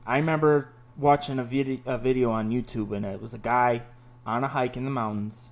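A man hosting a casual podcast, talking in a loose, profane, animated way as he tells stories. His New is clear, and his pitch sits at an ordinary middle level. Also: a little fast. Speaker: podcast host. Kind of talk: casual chat.

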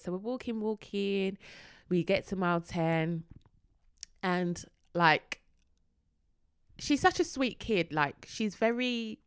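A woman's voice: lowish voice, clear, resonant tone, no room sound, studio quality. A young woman, telling a story in casual chat and acting out the voices of the people in it. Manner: animated, acts out voices in her stories.

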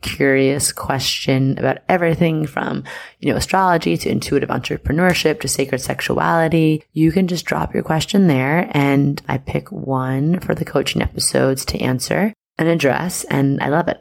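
A woman hosts her podcast in a relaxed, rambling monologue. Her voice sits low for a woman and carries a gravelly fry, and she leans on fillers as she talks. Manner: chatty, loose, full of fillers. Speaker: podcast host. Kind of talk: casual spiritual podcast monologue.

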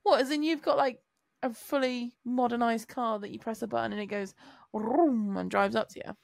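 Gravelly woman chatting on a podcast. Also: on the high side, steady tone, no echo, clean studio sound. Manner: chatty, quick to joke and swear. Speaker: podcast co-host. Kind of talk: casual chat.

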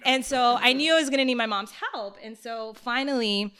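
A young woman guest telling a personal story in a chatty, casual way, full of "like" and quick laughs. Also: on the high side, pushed and bright, clear, resonant tone. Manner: chatty, peppered with "like", laughs often.

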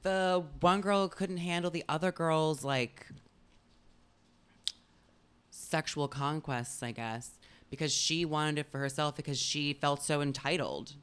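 A young podcast co-host in casual chat. The voice is smooth and resonant at a middle pitch. The delivery is blunt and emphatic, quick to agree and joke. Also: a bit bright.

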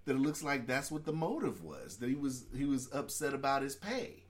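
A man's voice: medium pitch, very animated, a little fast. A man co-hosting a casual podcast, talking loosely and profanely about the news, laughing often. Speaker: podcast co-host. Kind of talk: casual chat.

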